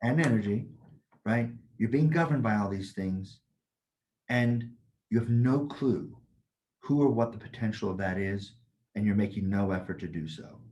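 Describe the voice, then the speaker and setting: A man's voice: lowish voice, lively intonation, normal speed, darkish tone. A man co-hosting a casual podcast as a Taoist teacher, talking bluntly, swearing freely and telling stories with energy. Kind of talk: casual chat.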